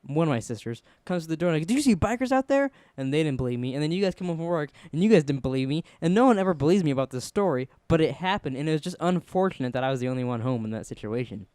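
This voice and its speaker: A man's voice: a little high, lively intonation, rapid-fire, hardly any pauses, a little mellow, clean tone, dry recording, studio quality. A young man co-hosting a podcast, rambling through stories in casual chat, acting out quotes and swearing often. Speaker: podcast co-host.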